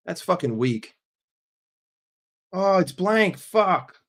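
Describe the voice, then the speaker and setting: Streamer guy reading chat out loud, swears a lot, blunt and jokey, normal mid voice. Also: mid-range voice, animated. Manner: blunt and profane, answers chat with quick jokes. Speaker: livestream host. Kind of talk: casual live stream chat, reading and answering chat messages.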